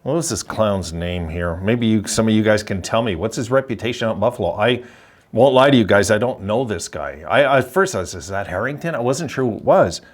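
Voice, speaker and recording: A man's voice: on the low side, lively intonation, brisk. An older man from Quebec hosting a hockey channel, ranting bluntly with a rambling, opinionated manner. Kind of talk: casual opinion vlog.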